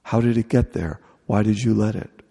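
A man's voice: lowish voice, normal speed, dark tone, husky, long reverb tail. A man preaching a sermon in a humorous, conversational way, acting out little dialogues.

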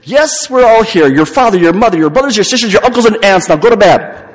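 Impatient grumpy passenger put on by a male preacher, high-pitched and shouting, with a long churchy echo. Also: lively intonation, fast talker. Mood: exasperated. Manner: exasperated shouting.

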